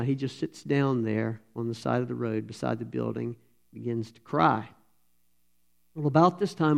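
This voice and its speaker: A man, a pastor telling a sermon story in a folksy, animated way and voicing the characters. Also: mid-range voice, creaky. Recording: slightly dull lo-fi sound.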